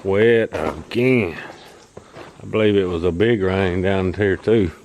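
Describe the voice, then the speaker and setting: A man's voice: sits low, slow, darkish tone. A man, talking casually to camera about his farm work in a plain-spoken, folksy way. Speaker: farmer vlogger. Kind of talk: casual vlog talk to camera. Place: in a truck on rural roads. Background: car and engine noise.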